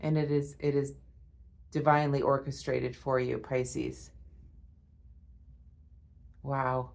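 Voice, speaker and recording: A woman giving a spiritual tarot reading to her viewers, awed and emotional, repeating herself and often breaking off with a soft "wow.". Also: rumbling low, level tone, a little slow, gravelly. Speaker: tarot reader.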